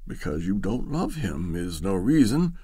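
A man reading a storybook aloud, voicing an earnest gentleman who speaks firmly and soothingly. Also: deep voice, very animated, measured pace, slightly rough, dry recording, clean studio sound, full character voice. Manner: firm, soothing. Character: grave, earnest older gentleman suitor.

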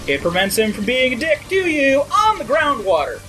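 A man with a high, bright, springy voice commenting on his own gameplay with friends. He swears freely and swings between grumbling focus and loud cheering, with faint game music under him. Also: moderate pace. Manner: excitable, swears a lot, bursts into cheers. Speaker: let's play host playing the game.

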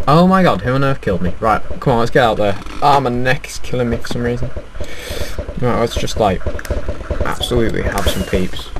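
A young man giving casual, self-deprecating commentary while playing a video game. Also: mid-range voice. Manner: chatty, self-deprecating, easily frustrated. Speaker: gaming YouTuber. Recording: noisy home mic recording.

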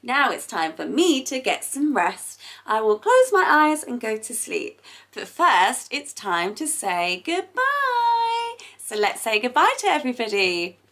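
A woman leading a toddler sing-along lesson in a bright sing-song voice with exaggerated cheering. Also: a little high, very animated, a little slow, far from the mic, soft background music. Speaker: preschool teacher.

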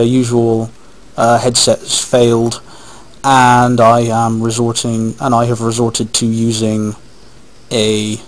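A man hosting a casual let's play, rambling along and talking to himself as he plays. His voice sits at an ordinary middle pitch, and it is picked up by a webcam microphone rather than a headset. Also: poor audio. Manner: rambling, chatty, talks to himself while playing. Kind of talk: casual gameplay commentary.

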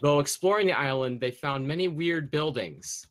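A young man hosting an online game show, telling a pirate backstory in a slow, hushed way over voice chat. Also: fairly high pitch. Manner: slow, hushed storytelling with trailing ends. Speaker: host of a game show on a server. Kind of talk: storytelling game-show intro. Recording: voice chat with faint noise.

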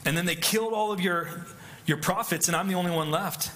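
Guy putting on a whiny high prophet, all self-pity, bright edge. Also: a little fast. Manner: complaining, self-justifying. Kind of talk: dramatized scripture reading.

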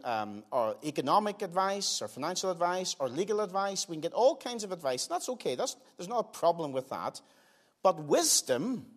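An older man preaching a sermon in a church, earnest, pressing some lines hard and dropping others to quiet, slow asides. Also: a little high. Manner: earnest, swings between emphatic loud lines and quiet slowed asides. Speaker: pastor. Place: church sanctuary.

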